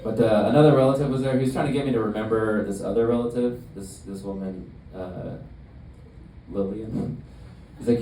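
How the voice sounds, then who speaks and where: A young man doing a stand-up comedy set in a club, with a deadpan, halting delivery full of fillers. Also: on the low side. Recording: roomy club sound from a distance, audience noise. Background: audience laughter.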